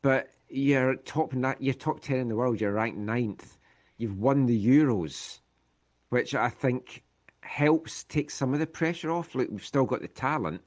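A man's voice: mid-range voice, measured pace. A man co-hosting a casual football chat, giving blunt, matter-of-fact opinions. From Scotland. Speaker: co-host.

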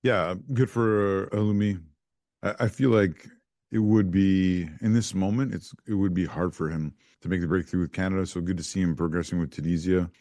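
Deep-voiced male podcast co-host, dry close sound, halting and good-humoured. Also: steady tone, mellow, no echo. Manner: hesitant, many restarts, laughs easily. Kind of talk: casual sports chat.

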